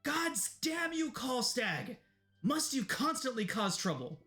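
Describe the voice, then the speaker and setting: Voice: medium pitch, level tone, a little fast, a bit bright, soft background music, natural voice. A game master voicing a stern female town leader, scolding and exasperated. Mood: furious.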